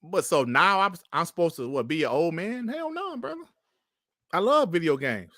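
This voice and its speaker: A man's voice: on the high side, big pitch swings, normal speed, pushed and bright, dry recording, clean studio sound. A man hosting a casual live stream, laughing often and trash-talking with plenty of swearing. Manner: laughing, profane trash talk.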